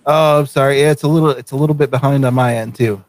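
A man's voice: medium pitch, steady tone, fast talker. Easygoing man hosting a live show. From Vermont. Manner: easygoing, laughs often. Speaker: show host. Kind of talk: casual chat on a live show.

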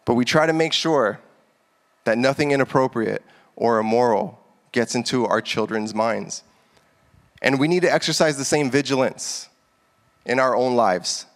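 A man in his thirties preaches to his congregation in an easy, chatty way. He grows animated and heated as he makes his points. His voice rings out with a long reverb in a large hall. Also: medium pitch, moderate pace, long pauses. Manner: conversational, animated, builds to heated emphasis. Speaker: pastor. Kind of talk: casual sermon.

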